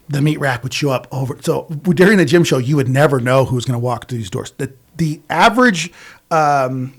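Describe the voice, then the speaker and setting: Casting: man, fairly high voice, loose profane storyteller with lots of false starts. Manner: rambling, profane, many restarts. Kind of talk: casual storytelling chat.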